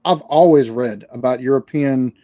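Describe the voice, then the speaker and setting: A man's voice: mid-range voice, normal speed, no echo, highs cut off. A man from the United States, the guest on a casual interview, who rambles, restarts often and swears casually. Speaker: podcast guest, reaction channel creator.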